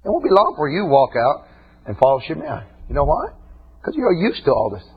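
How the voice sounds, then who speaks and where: A man preaching a sermon who swings between high shouting and low, quiet asides. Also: wildly swooping pitch, a little fast, breathy edge, highs cut off.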